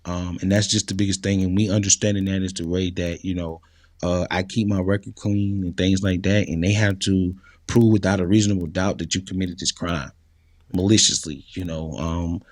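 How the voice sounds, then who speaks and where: A man's voice: deep voice, flat delivery, normal speed, no room sound, studio quality. A man talking casually and earnestly in an interview, with many fillers. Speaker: interview guest.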